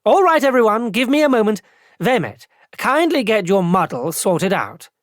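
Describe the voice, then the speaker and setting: A narrator voicing an excitable male opera director who talks brashly and shouts. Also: sits high, moderate pace, dry recording, studio quality. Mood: exasperated.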